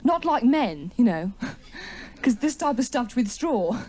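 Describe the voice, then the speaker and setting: A woman's voice: a little high, very animated, slow, mellow. A woman doing a wry, chatty stand-up comedy routine in a TV studio, with an audience laughing.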